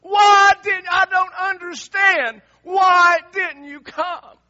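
A grieving woman shouts her reproach through tears, a man acting her out. Her voice is high, tense and husky, and she keeps pleading. The recording sounds a little dull. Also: slow pace, a faint crowd, full character voice. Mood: anguished.

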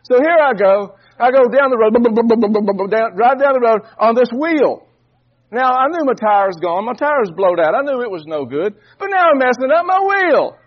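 A man's voice: very high voice, big pitch swings, moderate pace, muffled recording. A man preaching a sermon, telling a folksy story and often repeating and restarting words.

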